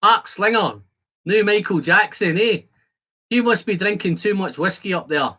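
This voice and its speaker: Chatty bright-voiced man hosting a livestream. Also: sits high, lively intonation, normal speed. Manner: chatty, jokey banter with viewers, reads comments aloud. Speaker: whisky livestream host. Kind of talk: casual live-stream chat while tasting whisky. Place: home shed.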